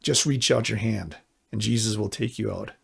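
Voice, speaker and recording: A middle-aged man preaching as a pastor, earnest and conversational, slowing into emphatic appeals. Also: lowish voice, gravelly, slightly rough. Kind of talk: sermon.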